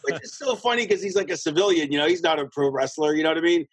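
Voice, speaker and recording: A man telling a backstage story as an interview guest, rambling and animated, with a husky voice. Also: a little high, very fast, no echo, poor audio. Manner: rambling, animated, lots of restarts and quoted dialogue. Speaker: guest, former pro wrestler.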